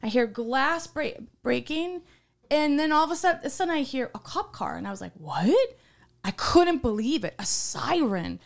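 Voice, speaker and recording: High-voiced woman telling a lively story. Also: normal speed, gravelly. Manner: animated storyteller, swears freely, laughs often. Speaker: podcast co-host. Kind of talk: casual chat.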